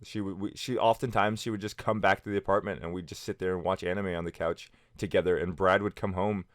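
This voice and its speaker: A man with a fairly low voice tells personal stories in a loose, rambling way, full of fillers and restarts. He now and then slips into quoted voices for friends. The sound is close and dry. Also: steady tone, fast talker, dry recording. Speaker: vlogger. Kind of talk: casual storytelling to camera.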